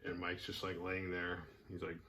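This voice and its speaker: Low-voiced man rambling through a film recap. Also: monotone, normal speed, pushed and bright, a little hiss or hum. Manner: rambling and filler-heavy, acting out characters' lines. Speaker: horror film podcast host.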